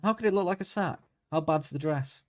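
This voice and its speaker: A man's voice: fairly high pitch, fairly quick, a crowd in the background. Guy riffing on a chat podcast, jokey, does little voices for quotes. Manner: animated, jokey, acts out quotes. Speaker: podcast co-host. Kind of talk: casual comedic chat.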